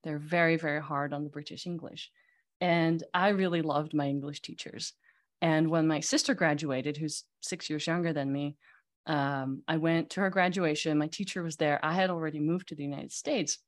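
A woman, a magazine CEO telling lively anecdotes as a podcast guest. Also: low voice, normal speed. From Netherlands. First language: Dutch. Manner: animated storyteller, lively anecdotes. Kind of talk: casual interview chat.

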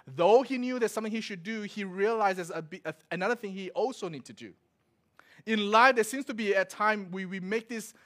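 A man's voice: high-pitched, fairly bright tone. A male pastor, preaching a sermon full of stories, laughing as he acts out quotes. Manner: storytelling with laughs and acted-out quotes.

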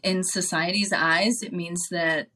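A woman's voice: lowish voice, steady tone, unhurried, pushed and bright. A woman talking casually on a podcast, laughing often and acting out both sides of everyday conversations. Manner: laughs often while telling stories. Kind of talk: casual chat.

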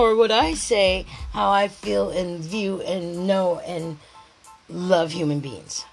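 Gravelly woman ranting, swearing. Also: mid-range voice, a little slow, faint music behind, poor audio. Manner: heated, swears constantly, restarts thoughts. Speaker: podcast host. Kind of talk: rambling profane monologue.

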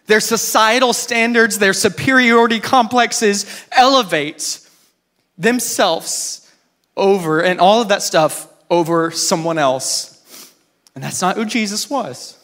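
A man delivers a sermon like a chat, with a voice pitched a little high for a man. He tells the story in an animated way and acts out the characters' lines. His delivery stays informal, with small restarts. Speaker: pastor.

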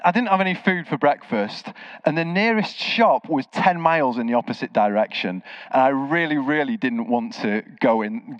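In a dry, slightly dull recording with no room sound, a mid-range male voice delivers a sermon. He is an animated storyteller who acts out the voices of the people he quotes.

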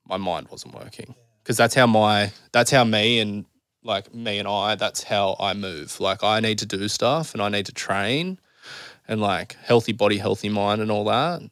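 A man's voice: fairly low pitch, gravelly, fairly bright tone, no echo, studio quality. A man in his thirties, a podcast guest telling his story candidly in a blunt, rambling way, swearing freely. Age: 30s.

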